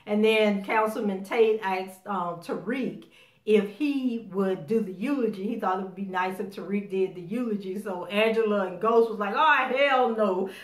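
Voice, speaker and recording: A woman's voice: mid-range voice, moderate pace. A woman with a mid-range voice gives a casual recap of a TV episode. She tells it with animation and slips into the characters' lines as she goes. Her voice carries a noticeable roomy echo. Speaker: TV show recapper.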